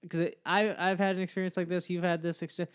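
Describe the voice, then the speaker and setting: A man's voice: high-pitched, little pitch movement, fast, clear, resonant tone. A man hosting a podcast, chatting casually and teasing his guest with sarcasm. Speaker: podcast host.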